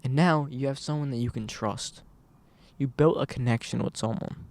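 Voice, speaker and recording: A man of medium pitch speaks straight into his camera mic, earnest and rambling as he circles back to the same point again and again. His delivery is casual and unscripted, the loose talk of a personal vlog. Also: normal speed, creaky, a little mellow. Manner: earnest, rambling, repeats himself. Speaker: vlogger.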